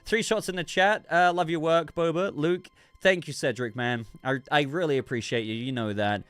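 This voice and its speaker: Slightly high and fairly bright, this man's voice is clean with no echo, at a moderate pace. Hosting a loose, chatty livestream, he reads viewer messages, cuts himself off often, and sounds stuffy with a cough.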